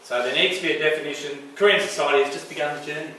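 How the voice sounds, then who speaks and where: A man giving a public talk in an earnest, somewhat halting way, as a guest speaker. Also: fairly high pitch, steady tone, sharp tone, a little hiss or hum. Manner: earnest, halting lecture delivery. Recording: echoey hall, distant mic.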